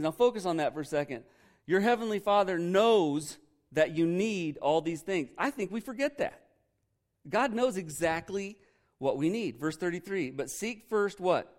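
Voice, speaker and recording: Conversational preaching man, slightly high voice. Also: expressive, normal speed. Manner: conversational preaching, quizzes the congregation. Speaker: pastor. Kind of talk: sermon.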